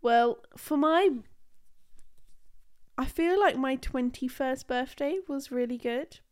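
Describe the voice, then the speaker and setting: A woman's voice: high voice, slow pace, darkish tone, smooth. A woman co-hosting a casual podcast chat, reacting with laughs and short exclamations. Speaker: podcast co-host.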